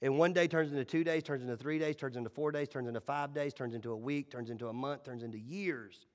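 A middle-aged man preaching a sermon, telling stories and swinging between loud and hushed lines. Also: mid-range voice, quick pace. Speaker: pastor. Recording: echoey hall reverb.

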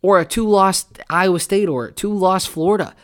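A man's voice: high voice, normal speed, a bit bright. A man hosting a sports podcast, talking casually and animatedly in a rambling way, now and then slipping into mock fan voices. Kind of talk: casual college football opinion talk.

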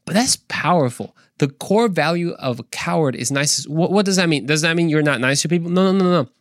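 A man hosting a faith podcast, earnest and animated, repeating points for emphasis and joking in between. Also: on the high side, brisk, no echo, studio quality. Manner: playful, tries silly accents, earnest preaching. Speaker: podcast host. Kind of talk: casual faith podcast monologue.

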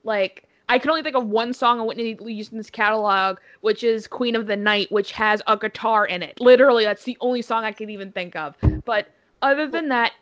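A woman's voice: fairly high pitch, a little fast, fairly bright tone. Opinionated woman podcast co-host. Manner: opinionated, emphatic, swears freely. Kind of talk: casual chat.

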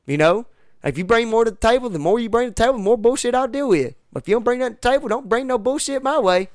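A man's voice: extremely high pitch, expressive, racing, dry recording, clean studio sound. A man in a casual podcast chat, ranting bluntly and emphatically with plenty of profanity and rural slang. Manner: uses rural slang like ain't and y'all. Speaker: podcast guest.

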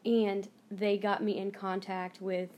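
A woman's voice: medium pitch, level tone, takes it slowly, a little mellow, a little hiss or hum. An American woman hosting her own channel, telling a heartfelt story casually to camera with many restarts. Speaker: channel host, reborn doll collector.

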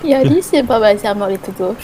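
A woman's voice: a little high, lively intonation, quick pace. Young woman, podcast co-host, firm and laughing, chatter in the background. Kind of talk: casual chat among friends.

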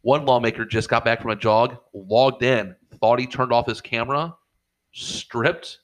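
A man hosting a casual podcast, telling a story animatedly with lots of swearing and loud quoted voices. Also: a little slow, poor audio. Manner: animated, profane, jumps into high shouted quotes. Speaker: podcast host.

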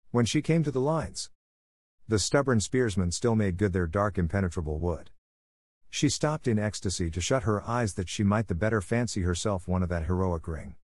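A man reading a classic novel aloud in steady, scripted narration. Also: sits low, no echo, clean studio sound. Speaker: audiobook reader.

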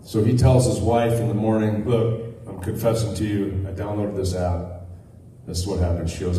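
A man's voice: on the low side, fairly even intonation, moderate pace, warm tone, slight background noise. A man delivering an earnest sermon to a church congregation, telling a story partway through. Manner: earnest preaching with a spoken anecdote. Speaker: guest preacher. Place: church sanctuary. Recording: echoey hall, miked from a distance.

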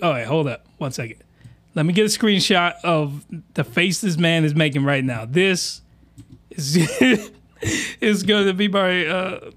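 A man hosting an anime reaction video, giving excitable, crude commentary at a desk mic, with shouting outbursts and voice cracks. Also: a little high.

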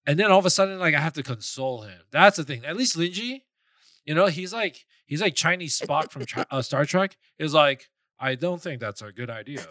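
A bright, forward-voiced young man from Queens talks as a podcast guest, pitched a little high for a man. He jokes freely, laughs a lot and slips into curses before apologizing. The sound is dry and close. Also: lively intonation, fairly quick, no echo. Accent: New York. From Flushing, Queens, New York. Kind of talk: casual chat.

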